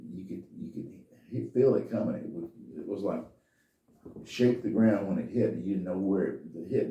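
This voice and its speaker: A man's voice: low-pitched, warm tone. An older man telling a personal story in a folksy, meandering, plain-spoken way as a podcast host. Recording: echoey room, distant from mic.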